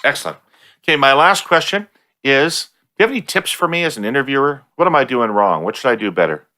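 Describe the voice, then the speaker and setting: A Canadian man hosts and interviews on a political podcast, bantering bluntly with his guest and reading a sponsor message. His mid-range voice moves at a quick pace, with lively intonation and a sharp tone.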